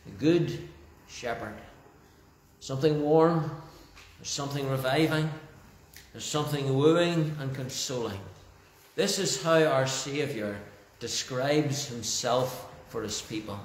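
Slow-speaking male pastor in an echoey church. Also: medium pitch. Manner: slow and deliberate, dwelling on key phrases. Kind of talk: sermon with opening prayer. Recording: roomy church echo.

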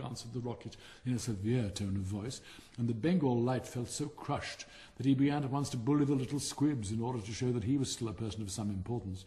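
A man narrating a storybook in a measured, expressive manner. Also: mid-range voice, big-room sound. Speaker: audiobook narrator. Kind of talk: scripted narration.

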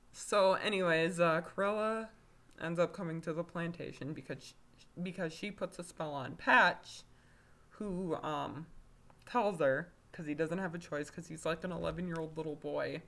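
A woman's voice: low-pitched, moderate pace, gravelly, fairly bright tone. A woman giving a casual video review of a story, rambling, with lots of fillers and self-corrections. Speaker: fanfiction reviewer.

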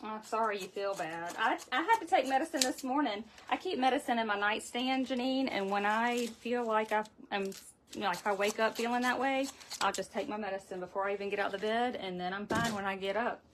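A woman's voice: fairly high pitch, fairly quick, a little hiss or hum. Chatty woman hosting a craft livestream. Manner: talkative, chats with live viewers by name. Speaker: wreath-making host. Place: home craft room.

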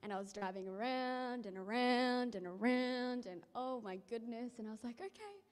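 A woman's voice: fairly high pitch, normal speed, smooth. A woman reading scripture and sharing a casual testimony in church, with lots of ums and likes. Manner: chatty, many ums and likes. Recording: reverberant church hall.

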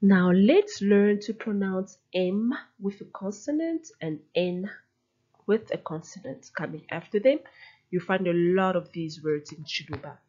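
A woman teaching a pronunciation lesson, drilling words slowly and carefully, repeating each one with clear emphasis. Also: medium pitch, animated, dark tone, dull audio. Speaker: language teacher.

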